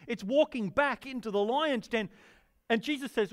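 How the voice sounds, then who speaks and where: A male pastor delivering a sermon in a church hall, his voice sitting high. He talks in an eager, conversational way, tossing questions to the congregation as he goes. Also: normal speed. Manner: enthusiastic, conversational, asks the audience questions.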